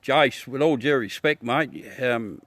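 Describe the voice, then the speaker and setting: A man's voice: mid-range voice, takes it slowly, a bit bright, no room sound. A middle-aged Australian man hosting a livestream, chatting casually with viewers, laughing, joking and swearing as he talks. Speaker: livestream host. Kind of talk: casual chat with live viewers.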